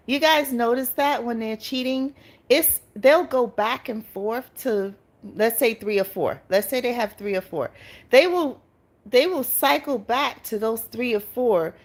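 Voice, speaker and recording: Woman doing a live stream, slow unhurried talk, laughs a lot, chats back at her viewers' comments. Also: a little high. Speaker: livestream host. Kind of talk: casual livestream chat with viewers.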